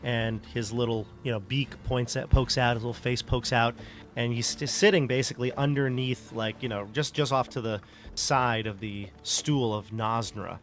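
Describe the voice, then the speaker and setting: A man's voice: medium pitch, fairly even intonation, moderate pace, a little hiss or hum. A man narrating as game master of a tabletop game, loose and rambling with many fillers. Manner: loose, rambling narration full of "like" and "you know".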